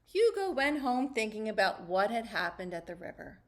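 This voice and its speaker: A woman reading a children's storybook aloud in an expressive, sing-song way. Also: a little high, normal speed.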